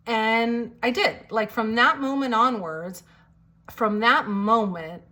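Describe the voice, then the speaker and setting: A woman's voice: on the high side, a little slow, sharp tone. A woman with a slight cold telling a personal faith story in a casual, chatty way, full of "like" fillers and acting out quoted lines. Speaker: storyteller sharing a testimony.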